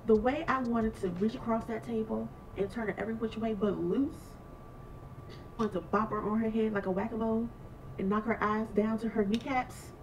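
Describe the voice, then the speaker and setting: A woman vlogger telling a workplace story in a sassy, animated way, laughing along as she goes. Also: on the high side, moderate pace, recorded from a distance, slight background noise, rough recording. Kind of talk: casual storytime vlog.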